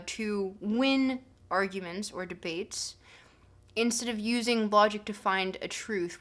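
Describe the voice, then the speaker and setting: A woman's voice: mid-range voice, a bit bright. A woman streamer casually explaining a philosophy text between readings, chatty and giggly with many fillers. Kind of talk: casual live-stream commentary.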